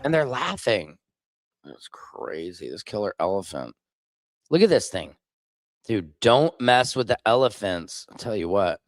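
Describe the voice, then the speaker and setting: With a lowish voice that's very animated yet measured in pace, a Missouri man runs a live stream and answers viewer comments bluntly and sarcastically. He reacts loudly to clips, and the recording has no echo.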